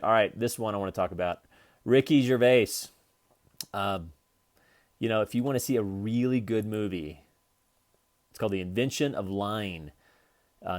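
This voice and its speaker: Male trading instructor, low-pitched, casual and wandering, records from his computer. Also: darkish tone. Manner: loose, jokey, rambling with fillers and restarts. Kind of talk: casual screen-share trading lesson.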